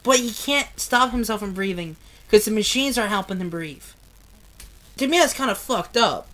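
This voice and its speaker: A woman's voice: medium pitch, animated, normal speed, a bit bright. A woman reading a novel aloud with casual commentary, emotional and tearful and swearing often. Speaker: book reader.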